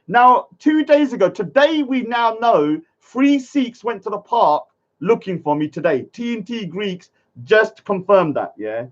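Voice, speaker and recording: An indignant young man rants heatedly to his live-stream viewers, repeating himself and checking in with "yeah?". His voice sits high, and the stream audio is muffled and lo-fi. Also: lively intonation, measured pace.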